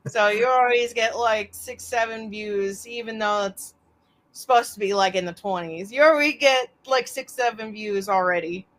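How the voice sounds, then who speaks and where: A woman photographer talking as a guest on a casual podcast, relaxed and conversational. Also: mid-range voice, moderate pace, rough recording.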